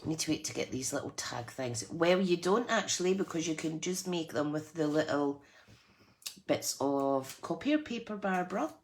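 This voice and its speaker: A woman's voice: low-pitched, animated, normal speed, a little hiss or hum. A woman hosting a live crafting tutorial, chatty and self-deprecating, laughing often as she works. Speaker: craft channel host.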